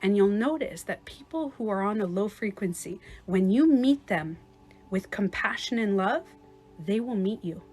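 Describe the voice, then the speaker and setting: A woman life coach giving a casual livestream talk, chatty and quick to laugh, acting out little scenarios as she explains. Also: mid-range voice, animated, darkish tone, husky, soft background music.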